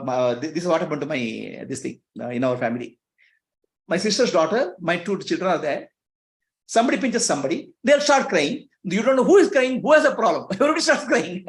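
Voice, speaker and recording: Speaking to listeners in a room with echo, a man giving spiritual teaching lets his pitch move freely up and down. Between points he chuckles, and he keeps asking rhetorical questions.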